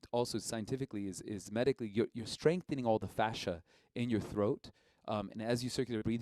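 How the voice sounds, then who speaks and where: Low-voiced man teaching didgeridoo live. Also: no room sound. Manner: relaxed, conversational, with frequent fillers. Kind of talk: live-streamed music lesson.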